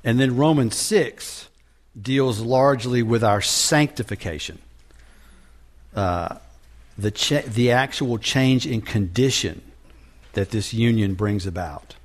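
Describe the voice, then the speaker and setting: In a medium-pitched voice, a man preaches a sermon, teaching from scripture deliberately and restarting his sentences often.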